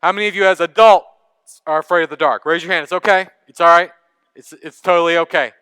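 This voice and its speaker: Bright-voiced Texan pastor preaching. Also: male voice, fairly high pitch, fairly even intonation, brisk, clean tone, dry recording. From East Texas. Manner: conversational preaching, engages congregation. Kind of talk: sermon.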